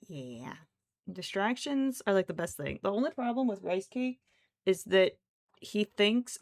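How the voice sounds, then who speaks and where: A woman's voice: lowish voice, creaky, dry recording. A woman streamer chatting casually while crafting, who talks to her cats in baby talk.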